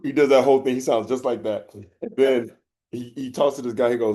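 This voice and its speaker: A man co-hosting a podcast in casual chat, telling animated stories and laughing often. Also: mid-range voice, fairly quick. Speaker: podcast co-host.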